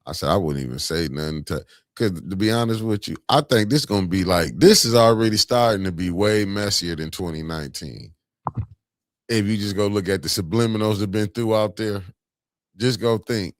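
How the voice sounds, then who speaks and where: Low-voiced, laid-back man host. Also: normal speed, no room sound, studio quality. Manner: laid-back, sarcastic, laughs often. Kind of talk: casual political chat.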